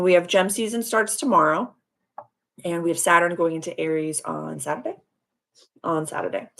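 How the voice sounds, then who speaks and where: A woman's voice: on the low side, gravelly. Bubbly woman hosting a livestream. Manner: bubbly, effusive, chatty with many fillers. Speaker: astrology livestream host. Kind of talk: casual live chat with viewers.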